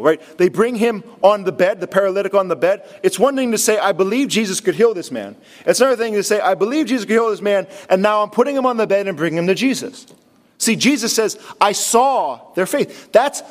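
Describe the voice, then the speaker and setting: A man, a pastor, preaching a sermon with earnest, emphatic delivery, repeating key phrases and dropping to a low, hushed voice when quoting. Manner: drops to a low, hushed voice to quote Jesus.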